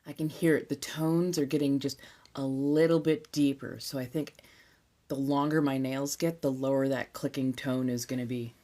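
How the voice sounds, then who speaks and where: Low-voiced laid-back Californian woman. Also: steady tone, normal speed. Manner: laid-back, swears freely, drops into soft whispers. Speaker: ASMR streamer. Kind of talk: casual live-stream chat.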